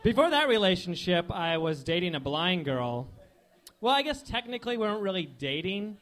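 Young male stand-up, high lively voice, deadpan one-liners, club stage. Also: normal speed. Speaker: stand-up comedian. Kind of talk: stand-up set.

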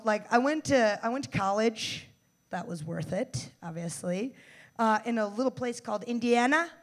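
A woman in her twenties from the United States performing a stand-up set, brash and profane, with loud bursts and mock-tough asides. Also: mid-range voice. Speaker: stand-up comedian.

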